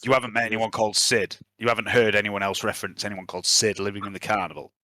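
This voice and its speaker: A man as game master narrating a tabletop role-playing session, relaxed and full of fillers. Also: lowish voice, fast talker, dry recording, studio quality. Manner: relaxed, with frequent fillers and restarts.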